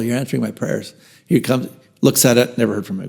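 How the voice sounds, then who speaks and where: Animated man telling a story. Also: mid-range voice, quick pace, creaky. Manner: animated storyteller who acts out quotes and drops into whispered asides. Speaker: guest. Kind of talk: storytelling in a podcast interview.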